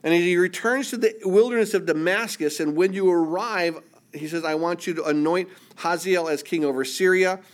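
A man preaching a sermon, reading scripture aloud and acting out the voices, asking the congregation if they understand, and dropping almost to a hush for the quiet passages. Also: sits high, normal speed. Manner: dramatic, drops to near-whisper for quiet passages; acts out biblical voices, asks listeners "do you understand?".

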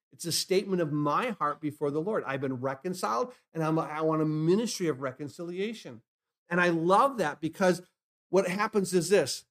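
A pastor with a fairly high male voice preaches a sermon, posing rhetorical questions and repeating phrases while swinging between hushed lines and loud, emphatic bursts.

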